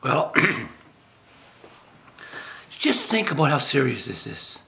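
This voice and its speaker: A man's voice: mid-range voice, very animated, slow, bright, forceful tone. An older man from Nova Scotia giving an informal spiritual talk as a lay preacher, rambling and jokey with many restarts. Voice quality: gravelly.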